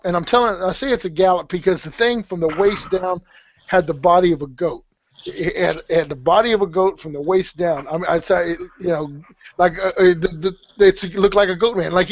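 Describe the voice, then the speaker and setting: A man's voice: high-pitched, slight background noise. A middle-aged man, rambling through a story on a podcast with many restarts and some swearing. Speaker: podcast guest telling a story. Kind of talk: casual storytelling. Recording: dull, slightly muffled podcast audio.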